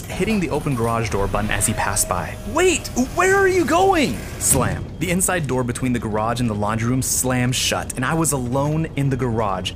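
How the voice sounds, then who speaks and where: A man's voice: mid-range voice, noisy background. A middle-aged man narrating a comic, self-mocking first-person story.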